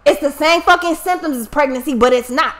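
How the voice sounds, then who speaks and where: A woman talks straight to her viewers in a high, bright voice. She tells her story bluntly and with plenty of swearing, animated and casual. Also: a little fast. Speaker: tarot reader and channel host.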